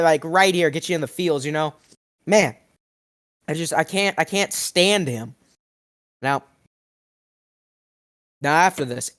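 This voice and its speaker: A young man rambles through an absurd tall tale in an ordinary middle-pitched voice. His delivery is mock-outraged, lurching from mumbling to yelling, and his voice cracks now and then. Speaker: food review vlogger. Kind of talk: absurd comedic storytelling.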